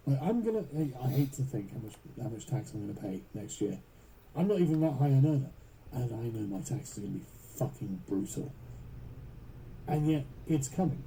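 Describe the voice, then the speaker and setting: A man's voice: mid-range voice, sing-song, fairly quick, dark tone, a little hiss or hum, low-quality recording. A British man giving podcast commentary in emphatic, profane, long run-on sentences. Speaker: political commentator.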